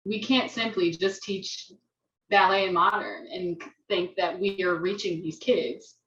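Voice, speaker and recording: A woman's voice: fairly low pitch, fairly even intonation, measured pace, fairly bright tone. An American woman, a dance teacher, thoughtfully recounting her experience on a video-call forum, often restarting her sentences. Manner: thoughtful, restarts, laughs self-consciously. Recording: roomy, distant, dull video-call audio.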